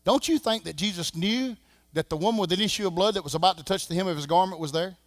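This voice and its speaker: A Southern man preaching a sermon as pastor, swinging from shouting to a hush. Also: high-pitched, fast talker, no room sound, studio quality. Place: church sanctuary.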